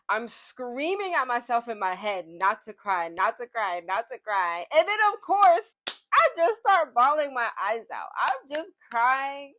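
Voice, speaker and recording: Young woman, slightly high voice, dramatic storytime vlogger, slangy asides. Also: a bit bright. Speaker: vlogger telling a workplace story. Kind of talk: animated storytime monologue.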